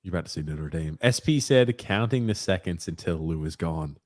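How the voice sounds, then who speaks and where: Rambling man, low voice, dry sound. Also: animated, fairly quick, dry recording. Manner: rambling, lots of fillers. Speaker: podcast co-host. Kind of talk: casual chat, reading live comments.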